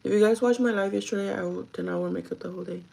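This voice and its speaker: A young woman talks with her live-stream viewers despite being ill, her voice hoarse, deep for her, and fading. She races along in a steady tone, flipping between English and Spanish, over some background noise.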